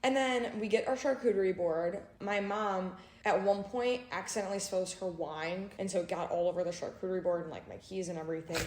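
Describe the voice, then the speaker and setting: A young woman co-hosting a podcast, telling an animated story full of fillers and bursts of laughter. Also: mid-range voice, a little fast, hardly any pauses. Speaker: podcast co-host. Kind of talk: casual storytelling chat. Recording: roomy echo.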